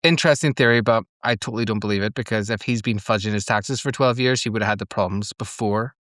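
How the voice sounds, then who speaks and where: A man's voice: fairly low pitch, fast, a bit bright, dry recording, clean studio sound. Chatty man recapping with swearing. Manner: chatty, swears freely, retells scenes with laughs. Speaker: podcast host. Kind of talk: casual episode recap and commentary.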